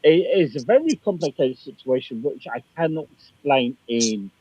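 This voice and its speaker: A man chatting on an online panel, joking around in slang and breaking into loud laughing outbursts. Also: medium pitch, big pitch swings, moderate pace, breathy edge, no room sound, muffled recording. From Scotland (family). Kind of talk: casual online panel chat.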